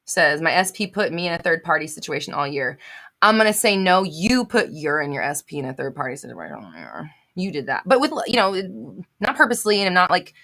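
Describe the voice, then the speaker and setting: A woman's voice: on the low side, big pitch swings, a little fast, creaky, bright, forceful tone. A woman hosting a live question-and-answer stream, reading out viewer comments and answering them bluntly, with emphatic repetition, swearing and laughing at herself.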